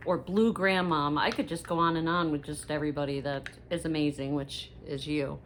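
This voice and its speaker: Middle-aged woman, haul vlogger, gossipy rambling chat, low-pitched, faint background hiss. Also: moderate pace. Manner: rambling, gossipy, animated asides to viewers. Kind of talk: casual chatty haul video.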